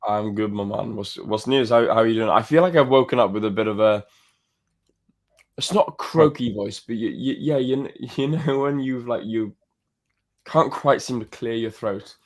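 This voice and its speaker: A man's voice: medium pitch, moderate pace. A man co-hosting a casual live stream, rambling and laughing, feeling a little under the weather. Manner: rambling, laughs often, restarts. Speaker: co-host.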